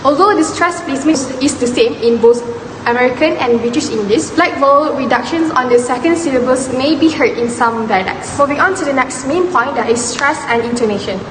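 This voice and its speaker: A woman's voice: sits high, a little fast. Young woman presenting in an echoey room. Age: young adult. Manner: reads a prepared script with slips. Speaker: student presenter. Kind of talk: class presentation on phonetics. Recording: echoey room with long reverb and noise.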